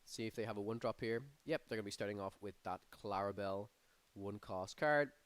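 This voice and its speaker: A man's voice: lowish voice, fairly quick, no room sound. A man giving live play-by-play commentary on a card game tournament, his energy rising on big plays. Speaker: tournament caster.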